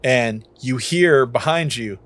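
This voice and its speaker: A young man narrates a tabletop game in a relaxed, chatty way and laughs often. He acts out short character lines at a middle pitch. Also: slow pace. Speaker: game master.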